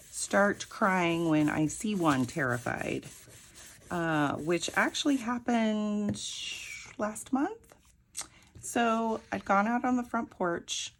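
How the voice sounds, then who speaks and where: A woman's voice: fairly low pitch, a little hiss or hum. A woman crafting and telling a rambling, chatty story, laughing often. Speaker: crafting vlogger. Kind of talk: casual storytelling while crafting.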